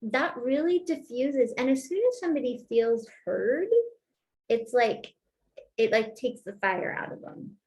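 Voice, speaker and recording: A woman therapist teaching a webinar, chatty and lively, often laughing and acting out example lines. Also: fairly high pitch, measured pace. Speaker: marriage and family therapist.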